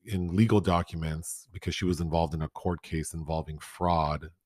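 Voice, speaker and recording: A man's voice: deep voice, fairly even intonation, moderate pace, a little mellow, breathy edge, dry recording, clean studio sound. A man co-hosting a casual chat about films, talking frankly and with opinions. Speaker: podcast co-host.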